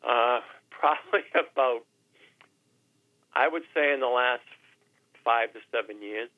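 A man in his sixties, a radio guest, speaking haltingly and emotionally, repeating words and with his voice sometimes breaking. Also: mid-range voice, dry recording. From New Hampshire. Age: 60s. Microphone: telephone. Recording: tinny phone line.

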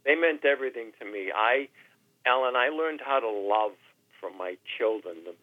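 A man in his sixties, a radio guest, speaking haltingly and emotionally, repeating words and with his voice sometimes breaking. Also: medium pitch, expressive, no echo. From New Hampshire. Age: 60s. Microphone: telephone. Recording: tinny phone line.

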